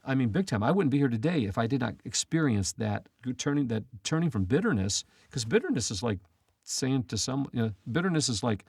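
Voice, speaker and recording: A man's voice: medium pitch, sing-song, brisk, a little mellow, husky, dry recording, studio quality. A man co-hosting a Christian talk show, telling personal stories in a casual, rambling way with frequent restarts. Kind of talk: casual storytelling chat.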